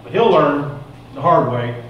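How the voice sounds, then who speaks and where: A man telling a folksy parable as part of a sermon, in an animated, casual way. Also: on the high side, a little slow, muffled recording, slight background noise. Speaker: preacher. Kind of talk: sermon storytelling. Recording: echoey room, mic far off.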